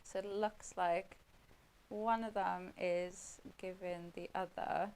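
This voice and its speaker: A woman's voice: lowish voice, steady tone, slow pace, a little mellow, rough recording. A woman giving a chatty running commentary while demonstrating a craft on live TV.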